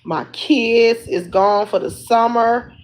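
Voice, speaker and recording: A woman's voice: on the high side, steady tone, slow, low-quality recording. A woman chatting casually to her livestream viewers, rambling along and laughing often, talking into a phone. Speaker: livestream host.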